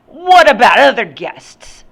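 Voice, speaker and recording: A woman voicing a grumpy, sour old man in a storybook reading, talking in a gruff, contrary way. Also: a little high, very animated, slow pace, voice pushed up, exaggerated voice.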